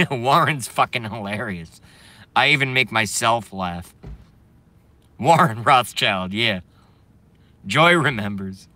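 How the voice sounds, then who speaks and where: A man's voice: mid-range voice, animated, slow pace, pauses often, pushed and bright, no echo. A young man ranting brashly and profanely on a live stream while reading viewer comments.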